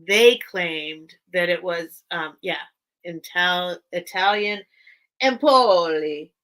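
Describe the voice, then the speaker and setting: A woman's voice: mid-range voice, gravelly, pushed and bright, low-quality recording. A woman hosting a casual live sale stream, chatting in a rambling, enthusiastic way. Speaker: online sale host. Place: at home among her collection.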